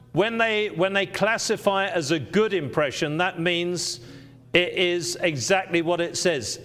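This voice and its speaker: High, smooth-voiced male auctioneer. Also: a bit bright. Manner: persuasive, repeats key selling points. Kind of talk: live auction selling patter.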